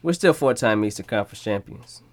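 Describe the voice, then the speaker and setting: A man doing an impression of a boastful basketball player, with a lower, quieter and smug delivery. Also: animated, brisk, natural voice.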